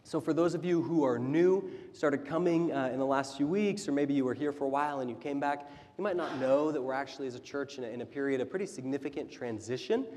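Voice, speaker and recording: A man in his thirties, a church leader, telling stories in a casual, animated sermon. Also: mid-range voice, fast, hardly any pauses. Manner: animated, chatty storytelling. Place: church sanctuary. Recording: reverberant church hall.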